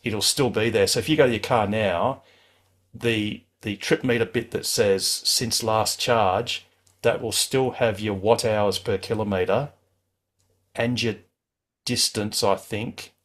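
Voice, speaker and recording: Male host, lower register, easygoing and reassuring, restarts a lot. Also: a little slow. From Australia. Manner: relaxed, chatty, reassuring, many restarts. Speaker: club host. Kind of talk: casual advice on a live call-in show.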